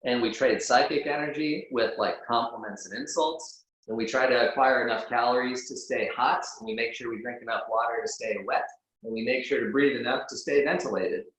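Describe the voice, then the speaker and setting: A man's voice: mid-range voice, steady tone, fairly quick, fairly bright tone, slight background noise. A man talking as a guest in a casual interview. He is blunt and profane and fills his speech with "like.". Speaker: podcast guest. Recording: very echoey room.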